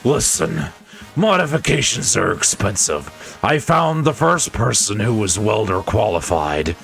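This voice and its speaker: A man's voice: fairly low pitch, very animated, unhurried, vocal fry, a bit bright, faint music behind. A man streaming a game, reading its dialogue aloud and joking with his chat between lines in a playful, chuckling way.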